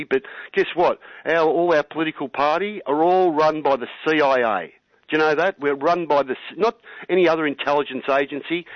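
A man's voice: on the high side, dry recording. A man with an Australian accent, calling in to a talk radio show and ranting in a heated, rambling way, saying "mate" again and again. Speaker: caller. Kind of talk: call-in radio rant. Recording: dull, dry radio call audio.

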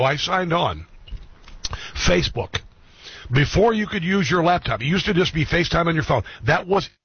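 A middle-aged man talks straight to his radio audience in an earnest monologue, leaning on repeated phrases. His voice sits a little high for a man and has a husky edge. The studio sound is dry and slightly dull. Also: no room sound. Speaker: talk radio and streaming show host. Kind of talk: heartfelt monologue to listeners.

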